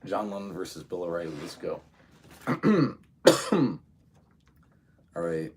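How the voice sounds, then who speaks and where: A man's voice: low voice, fairly even intonation, fast, a little mellow. A man talking casually in a solo vlog, rambling and hesitant as he thinks aloud. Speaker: video creator.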